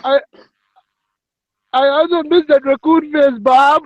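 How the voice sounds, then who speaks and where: A man's voice: very high voice, steady tone, slow pace, no echo, muffled recording, voice pushed up. A man voicing a lonely, wistful security guard, calling out plaintively.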